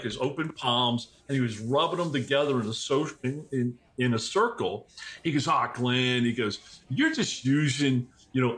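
A middle-aged man, a podcast guest, telling personal stories in a casual, animated way, with many restarts and quick asides. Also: mid-range voice, breathy edge. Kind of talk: casual conversational storytelling.

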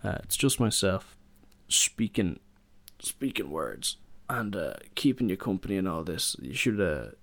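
A man's voice: sits low, big pitch swings, measured pace, creaky, no echo. A young man, hosting a solo podcast and telling rambling stories in a casual chat, full of fillers and restarts. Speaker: podcast host.

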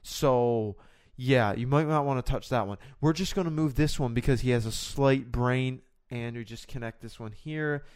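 A man's voice: medium pitch, normal speed, few pauses, darkish tone, clear, resonant tone, no room sound, studio quality, natural voice. A man voicing a careless, rambling male surgeon with a put-on accent, rattling off warnings to a trainee. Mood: offhand.

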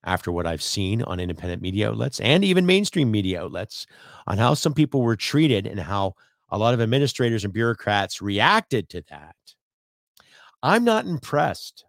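A low-pitched man from Canada rants through his own podcast, blunt and salty, swearing freely as he rambles from point to point. His voice sits close and dry, with no room sound around it. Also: big pitch swings, moderate pace, creaky, no echo. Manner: blunt, profane, rambling rant. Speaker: podcast host. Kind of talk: ranting solo podcast.

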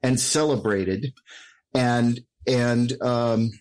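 A man's voice: mid-range voice, drawn-out words, a little mellow. A man from the United States in casual podcast chat, speaking earnestly with his opinions and some swearing.

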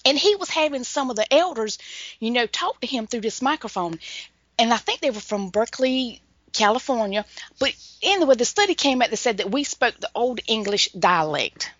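A woman's voice: fairly high pitch, lively intonation, moderate pace, a bit bright, no echo. A woman author with a Southern North Carolina accent, chatting in an interview in a folksy, rambling way and laughing often. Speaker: author, guest. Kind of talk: casual interview chat. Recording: dull lo-fi dry recording.

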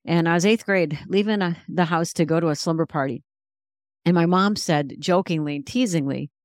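A woman's voice: fairly low pitch, normal speed, no room sound, clean studio sound. A middle-aged woman, a guest author and speaker, giving a personal faith testimony in an earnest, reflective way.

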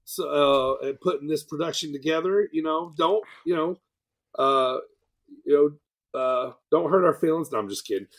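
A man's voice: a little high, moderate pace, creaky, a bit bright. A man hosting a podcast, recapping a weekend in a rambling, casual way with lots of fillers. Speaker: podcast host. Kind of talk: casual chat.

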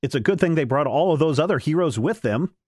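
A man's voice: on the high side, expressive, quick pace, a little mellow, no room sound, clean studio sound. A man co-hosting a casual comic-book podcast, joking and breaking into silly voices. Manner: jokey, slips into silly voices. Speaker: podcast co-host.

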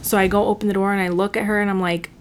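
Speaking rapid-fire in a medium-pitched voice, this female podcast co-host spins an animated story with frequent swearing and acted-out quotes. There's slight background noise, and the chat is casual.

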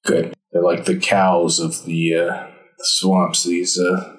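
A man's voice: deep voice, completely flat delivery, slow pace, echoey room, poor audio. A man playing in a tabletop game, speaking in character in a laid-back, joking way. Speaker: player. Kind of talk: tabletop game role-play.

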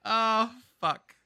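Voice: sits high, pushed and bright, no room sound. A podcast host in casual banter, rambling and joking, swearing freely.

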